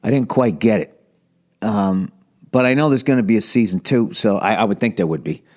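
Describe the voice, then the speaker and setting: A man's voice: fairly low pitch, brisk, darkish tone. A man in his forties hosting a podcast, chatting casually in a blunt, profane, joking way. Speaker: podcast host. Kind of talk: casual rambling chat.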